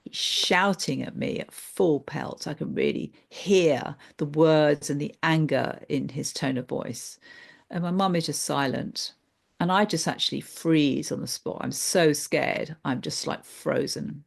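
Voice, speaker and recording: A hurt and hesitant grown man in therapy, as a woman speaks his part, recalling things slowly with halting pauses. The voice sits low and has a gravelly edge. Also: full character voice. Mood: frightened. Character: adult male therapy client, hurt and hesitant.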